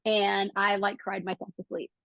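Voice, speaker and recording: A middle-aged woman telling a personal story as a podcast guest, acting out quotes with lively jumps in her voice. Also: moderate pace, vocal fry, no echo, highs cut off. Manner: animated, acts out quotes with lively pitch jumps.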